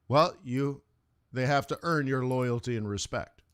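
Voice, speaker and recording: A man's voice: mid-range voice, moderate pace, fairly bright tone, clear, resonant tone, no room sound, clean studio sound. A man hosting a live trading stream, talking casually and playfully with slangy asides. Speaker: forex trading stream host. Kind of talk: casual livestream talk.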